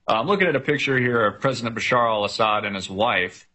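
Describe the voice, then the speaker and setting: Husky-voiced man reading news sarcastically. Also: medium pitch, fast talker, pushed and bright. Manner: rambling, sarcastic, reads news aloud with many "uh" fillers. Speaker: commentary show host. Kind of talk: casual news commentary.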